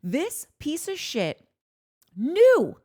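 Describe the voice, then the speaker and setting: A woman from New Jersey co-hosting a casual podcast, recapping a reality show in heated, animated rants. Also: high-pitched, very slow. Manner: heated, ranting, animated storytelling. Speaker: podcast co-host.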